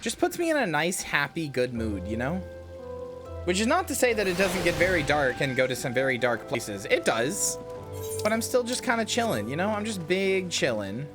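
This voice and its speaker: A woman streamer talking casually over her game, laid-back and chatty with the odd curse word. Her voice swings through an animated pitch range, and faint game music plays under her. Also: moderate pace. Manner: relaxed, chatty, swears casually. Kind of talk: casual gameplay chat.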